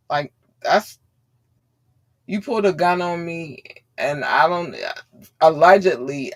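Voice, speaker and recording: A woman hosting a podcast, ranting bluntly and swearing freely in heated commentary. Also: fairly low pitch. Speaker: podcast host.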